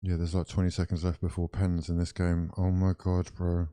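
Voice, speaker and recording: Low, mellow-voiced excitable young man. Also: normal speed. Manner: excitable, exclaiming, chatting to viewers. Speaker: watch-along streamer. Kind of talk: live football watch-along commentary.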